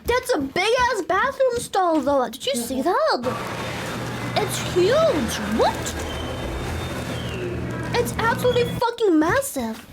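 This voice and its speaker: A woman streaming live in a casual chat, excitable and foul-mouthed, giggling often. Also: extremely high pitch, slow pace, pauses often, music in the background.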